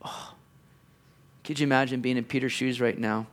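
A man's voice: mid-range voice, fairly even intonation, normal speed. A man preaching a sermon in an earnest, conversational way, with playful asides to the congregation. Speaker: pastor.

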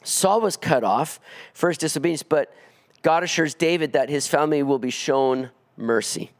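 A man preaching an expository sermon, earnest, climbing higher when he presses a point. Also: moderate pace. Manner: earnest preaching, rising in pitch on emphatic pleas. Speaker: pastor.

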